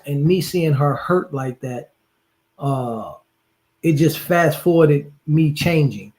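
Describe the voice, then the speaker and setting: A man in a casual chat, relaxed and joking as he tells his side of the story. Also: fairly high pitch, slow, rough recording. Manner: relaxed, joking, laid-back. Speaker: guest, her partner.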